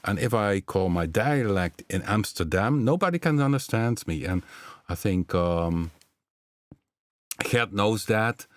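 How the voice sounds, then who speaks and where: A man's voice: lowish voice, animated, a little slow, no echo. A man from the southern Netherlands with a Dutch accent and Limburgish as his first language, hosting a live stream in a rambling, chatty way with many fillers. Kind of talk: casual live stream chat.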